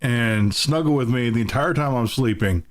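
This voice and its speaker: A man's voice: medium pitch, moderate pace. A man hosting a casual nerdy podcast, rambling and correcting himself as he talks. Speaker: podcast host.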